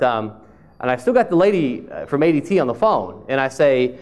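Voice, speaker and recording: A man's voice: medium pitch, very animated, moderate pace, clear, resonant tone. A man who is a speech-language pathologist, giving a conference presentation in a conversational, self-deprecating storytelling manner. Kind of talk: conference presentation with humorous anecdote. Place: conference hall.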